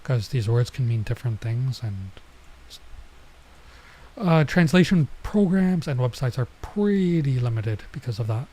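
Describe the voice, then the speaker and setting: A man on a casual live stream reading a manga and translating it, halting and explaining as he goes. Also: mid-range voice, animated, dark tone, breathy edge, poor audio.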